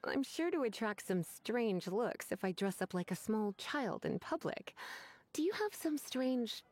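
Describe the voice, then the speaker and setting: Prim, haughty librarian. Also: female voice, fairly high pitch, animated, a little slow, darkish tone. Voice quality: haughty, proper. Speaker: librarian collecting overdue books. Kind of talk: video game character dialogue.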